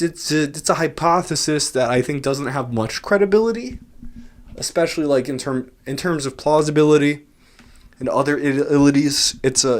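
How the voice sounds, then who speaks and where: A man ranting casually in his own vlog, rambling and self-mocking with a sarcastic edge, into a large studio microphone. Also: medium pitch. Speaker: vlogger.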